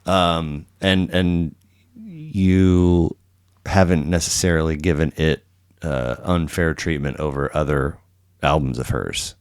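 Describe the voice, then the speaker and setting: A middle-aged man hosts a casual podcast chat. His voice sits very low and has a smooth, clean tone, recorded dry with no room sound. He wanders through his thoughts and restarts his sentences often. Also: takes it slowly, no room sound. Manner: rambling, many restarts and fillers, acts out quotes. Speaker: podcast host. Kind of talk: casual conversational interview.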